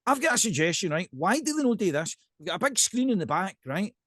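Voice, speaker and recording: A man with a Scottish accent, a podcast guest and pipe band drummer, chatting casually in an animated ranting way and often checking in with "right?". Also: sits high, quick pace, no room sound, clean studio sound.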